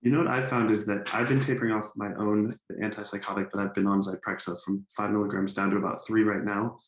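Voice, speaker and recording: A man with a fairly low voice hosts a conversational podcast. He explains his own experience in a measured way. The recording has noticeable room echo. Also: little pitch movement. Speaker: podcast host. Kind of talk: conversational interview. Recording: echoey room.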